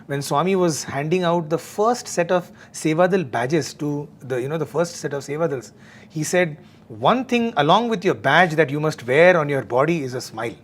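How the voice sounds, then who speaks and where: A man talking earnestly about meditation and cheerfulness, often pausing with fillers. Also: on the high side, animated. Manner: earnest, frequent fillers and restarts. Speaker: devotional talk speaker. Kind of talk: conversational spiritual talk.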